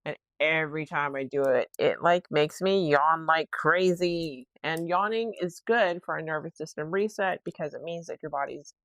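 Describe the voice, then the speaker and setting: A woman's voice: low voice, normal speed, hardly any pauses, a bit bright, no room sound. A young woman hosting a solo podcast, rambling in a chatty, self-reflective way. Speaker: podcast host. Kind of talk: casual solo podcast chat.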